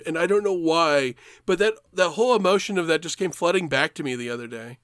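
A man's voice: a little high, lively intonation, a little fast, few pauses, fairly bright tone, no room sound. A man telling a long, rambling story in casual chat, swearing freely and laughing as he goes.

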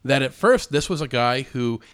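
A man co-hosting a casual discussion podcast, an animated storyteller who acts out the scenes he describes. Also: medium pitch, moderate pace, smooth.

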